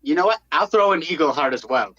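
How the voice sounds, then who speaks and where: Tabletop player, joking, bright tone, lively pitch. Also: fast talker, dull audio. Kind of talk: casual tabletop game chat.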